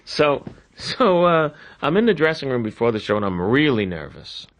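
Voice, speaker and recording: A man tells a comic story with lots of expressive rise and fall in his voice. He laughs often and acts out the other characters as he goes. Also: medium pitch, moderate pace. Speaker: comedian telling a story. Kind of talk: animated anecdote.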